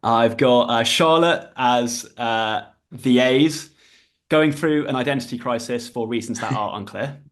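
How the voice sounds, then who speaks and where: A man's voice: mid-range voice, unhurried. A man co-hosting a casual podcast, reading out a prepared list with dry asides. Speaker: podcast co-host.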